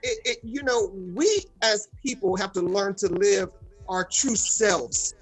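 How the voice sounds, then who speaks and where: A man's voice: sits high, takes it slowly, slightly rough, dry recording, faint music behind, poor audio. A man hosting a talk show, chatting casually and cheerfully plugging the show with repeated phrases. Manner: repeats words, upbeat promo patter. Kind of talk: casual chat.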